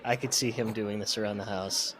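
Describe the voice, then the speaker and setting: A man's voice: fairly low pitch, steady tone, brisk, a bit bright, a little hiss or hum. A man co-hosting a casual podcast chat, adding laid-back asides and chuckling at his own bits. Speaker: podcast co-host.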